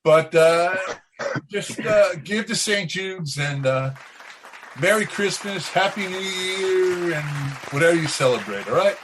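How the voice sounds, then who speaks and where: A man stumbles through a short deadpan toast, pausing on "uh" between phrases. His voice sits high. The recording has constant background noise. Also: crowd noise. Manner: halting, filler-heavy, deadpan. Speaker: guest comedian. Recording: noisy podcast recording.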